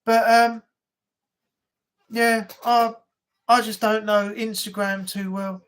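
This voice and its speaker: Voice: medium pitch, little pitch movement, slow, fairly bright tone. A livestream host, chatting casually and rambling through anecdotes, often laughing at their own stories. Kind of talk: casual live chat.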